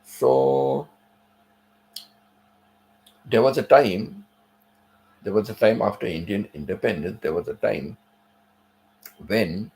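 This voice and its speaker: Gravelly and mellow, a man's fairly low voice moves slowly with frequent pauses over a rough recording. He's a channel host delivering a casual, rambling monologue, wandering into asides and leaning on "you know" and "right?"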